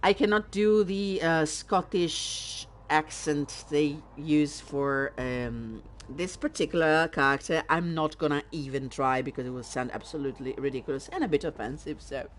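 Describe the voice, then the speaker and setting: A woman hosts a let's play, chatting loosely over her gameplay. Her voice sits somewhat low, and she throws in sarcastic asides and plenty of ums and uhs. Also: normal speed, hardly any pauses. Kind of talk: casual gameplay commentary.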